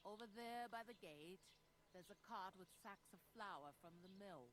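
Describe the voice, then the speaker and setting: A woman's voice: medium pitch, animated, normal speed, a little hiss or hum, lightly acted. Woman doing a bossy village innkeeper, plain talking, folksy. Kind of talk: video game dialogue.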